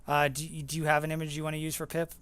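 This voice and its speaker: A man running an online tabletop game as game master, talking casually and halting with fillers. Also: fairly high pitch, monotone, a bit bright, clear, resonant tone.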